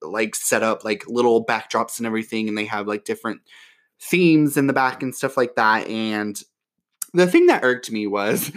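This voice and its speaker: A man telling a story in a casual, sassy way, full of "like", his voice leaping up when he gets excited. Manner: chatty and sassy, heavy use of "like"; animated, with voice jumping high when excited.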